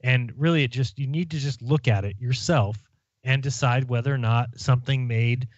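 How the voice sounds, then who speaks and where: Male podcast host, relaxed and musing; mid pitch, dry muffled recording. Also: moderate pace, dry recording. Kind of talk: casual chat.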